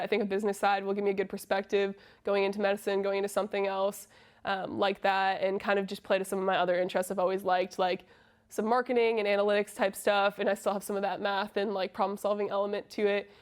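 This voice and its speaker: She's a college soccer player in her twenties from Massachusetts, USA, answering interview questions in a casual, friendly manner. Her pitch stays fairly level and flat, and she fills the gaps between thoughts with lots of "um."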